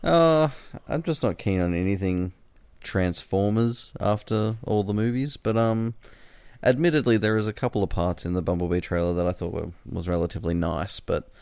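A man joins a podcast over a call and talks in a laid-back, halting way. His voice is very deep. The sound is dry and close. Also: vocal fry, darkish tone, clear, resonant tone, no echo. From Australia. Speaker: podcast panelist. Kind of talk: casual podcast chat. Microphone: remote call mic.

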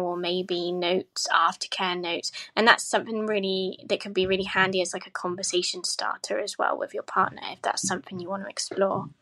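A woman's voice: mid-range voice, a bit bright. A woman guest on a casual podcast, a sex educator speaking frankly and earnestly, with some hesitant restarts.

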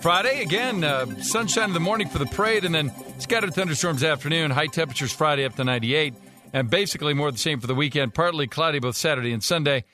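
A man giving a radio weather forecast, quick and relaxed, with a few fillers. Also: fairly high pitch, music in the background.

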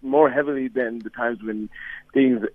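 A playful man in his thirties chats on a phone interview, teasing and breaking into laughter easily. His voice sits at an ordinary middle pitch. The line is narrow and tinny, with no room sound around him. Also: steady tone, unhurried, dry recording. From South Africa. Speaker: actor guest. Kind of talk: casual interview over the phone.

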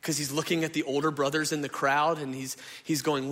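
A pastor preaching a sermon into a stage microphone in a church hall, impassioned and conversational, often asking the crowd questions. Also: male voice, on the high side, little pitch movement, fairly quick, fairly bright tone.

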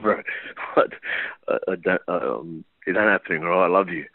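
A man's voice: low voice, moderate pace, dry recording. Tearful Australian man on a tinny phone line. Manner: tearful, repeats himself, swears. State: close to tears. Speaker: caller on a tapped phone call. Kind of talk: emotional phone call.

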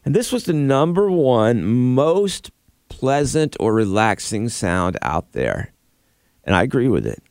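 A man's voice: mid-range voice, very animated, takes it slowly, a little mellow, no echo, studio quality. A man hosting a casual group chat, reading items off a list and joking. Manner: jokey, reads items off a list. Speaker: host.

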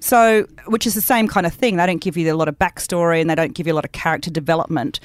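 A woman co-hosting a casual book club podcast, chatty, with quick bursts and restarts. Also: fairly low pitch, steady tone, no echo. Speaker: podcast co-host.

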